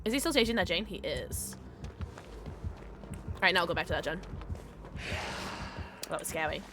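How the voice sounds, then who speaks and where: A young woman live-streaming a game, giggly and excitable, chatting with her viewers and squealing at the game. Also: fairly low pitch, moderate pace, music in the background.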